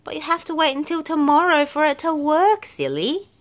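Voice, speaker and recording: A woman voicing a small excitable male mouse in a squeaky, high voice for a storybook reading. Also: normal speed. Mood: bossy.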